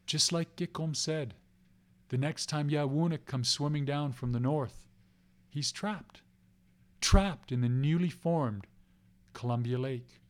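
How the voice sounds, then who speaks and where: A man telling a legend aloud in a rhythmic way, repeating phrases and place names. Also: fairly high pitch. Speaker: storyteller. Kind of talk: oral storytelling of a legend.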